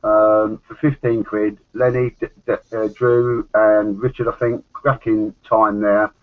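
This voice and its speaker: A London man with a Cockney accent chats on a podcast, rambling through loose asides and often swearing and laughing. His voice is lowish, level and unhurried, heard over dull lo-fi audio.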